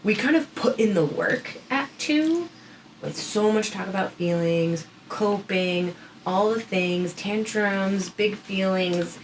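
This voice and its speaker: A woman's voice: mid-range voice, slow pace, low-quality recording. A woman in her thirties co-hosting a parenting podcast, talking casually and telling stories about her kids. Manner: chatty, storytelling with quoted voices. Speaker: podcast co-host. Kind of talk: casual chat. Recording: faint background noise.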